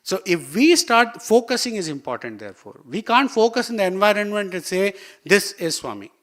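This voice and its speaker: High-voiced Indian man giving a spiritual talk. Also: expressive, fairly quick, a bit bright. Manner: storytelling, acts out quoted dialogue. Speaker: guest speaker at a devotional meeting.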